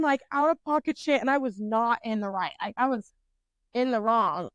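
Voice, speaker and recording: Young woman podcast co-host with a higher, clear, smooth voice. She's candid and profane, laughs at herself, and rambles through fillers and restarts. Dry, close sound. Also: animated, normal speed, no room sound. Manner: profane, candid, self-mocking. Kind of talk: casual storytelling chat.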